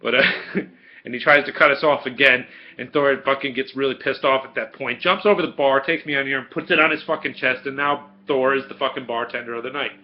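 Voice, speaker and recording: Profane, animated man in his forties. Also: medium pitch, brisk, muffled recording, a little hiss or hum. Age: 40s. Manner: profane and animated, laughs often. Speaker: video Q&A host. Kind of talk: casual storytelling, answering viewer questions.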